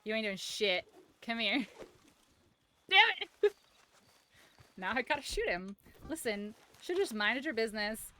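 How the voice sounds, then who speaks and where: A woman's voice: a little high, sing-song, slow pace, pauses often, sharp tone. Profane, joking young woman streamer. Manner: profane, joking, laughs often. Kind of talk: live gameplay commentary.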